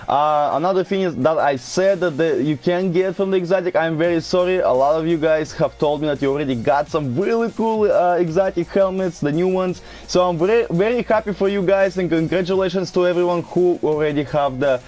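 A man with a Russian accent hosting a gaming video, excitable and chatty as he opens rewards. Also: on the high side, fairly quick, hardly any pauses, faint music behind. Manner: excitable, yells and laughs when thrilled. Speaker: gaming channel host. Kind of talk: gameplay commentary.

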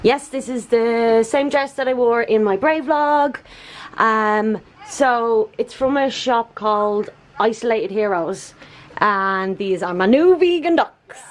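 A woman's voice: fairly high pitch, slow pace, a little hiss or hum, rough recording. A young woman with an Irish accent chatting casually as a travel vlogger, rambling with lots of fillers. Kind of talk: casual vlog chat. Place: outdoors on walks and indoors in a hotel.

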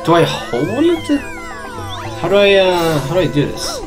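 A young man talks casually over a game stream, his fairly high voice bouncing up and down as he laughs and fiddles with settings. Game music plays clearly underneath him. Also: huge pitch swings, a little slow. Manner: chatty, laughing, fussing over audio levels. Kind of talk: casual gaming chat.

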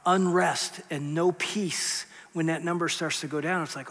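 A man preaching a midweek sermon, talking conversationally and swinging between hushed asides and emphatic repeated lines. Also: high-pitched, normal speed, hardly any pauses, long reverb tail. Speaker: pastor. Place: church sanctuary.

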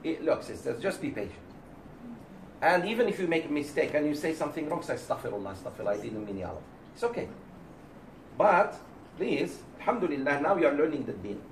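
A man lecturing a class of women, his voice rising and falling in an animated way and slipping into the voices of the people he quotes. His pitch sits a little high for a man. He is recorded from across an echoey room, with a faint hiss behind him. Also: brisk, long pauses. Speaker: Islamic teacher. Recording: roomy, distant mic, faint background.

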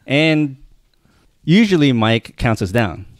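A man co-hosting a casual podcast, calmly setting things up with light laughs. His mid-range voice sounds dry and close to the mic. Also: mid-range voice, takes it slowly, no echo. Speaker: podcast co-host. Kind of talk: casual chat.

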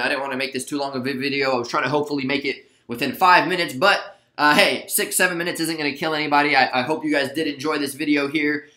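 Man, casual trade recap, chatty, bright tone, slightly high voice, echoey room. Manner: chatty, relaxed, many fillers and asides. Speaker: stock trading video host.

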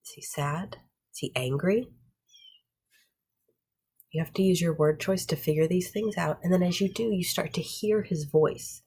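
Low husky-voiced woman teacher. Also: moderate pace, long pauses, warm tone. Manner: checks in with "right?" and "okay?". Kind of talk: recorded classroom lesson.

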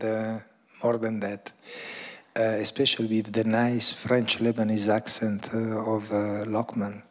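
A man's voice: mid-range voice, a little mellow. A man moderating a film screening, giving hesitant introductory remarks full of fillers and small chuckling asides. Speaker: event moderator.

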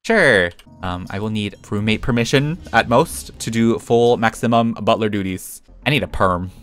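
This is a young man doing gameplay commentary for YouTube, his voice on the low side with a clean, fairly bright tone at a moderate pace. He's chatty and giggly, talking to himself as he plays, with soft background music.

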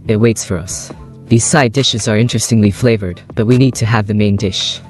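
Man reading as a savage vampire's inner beast, hungry, lowish voice, faint music. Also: fairly even intonation, fairly quick, a little mellow, close to an everyday voice. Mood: gloating.

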